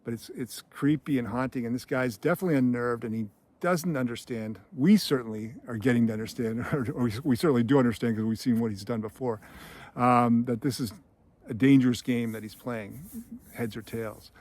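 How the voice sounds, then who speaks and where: A man's voice: mid-range voice, brisk, a little mellow. A man hosting a screenwriting channel, telling a film scene in casual commentary with an enthusiastic, filler-heavy storytelling manner.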